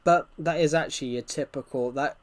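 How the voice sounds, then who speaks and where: A man's voice: on the high side, brisk. A young British man casually chatting with viewers while he plays, answering their questions as they come. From United Kingdom. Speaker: gaming streamer. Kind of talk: casual livestream chat while playing.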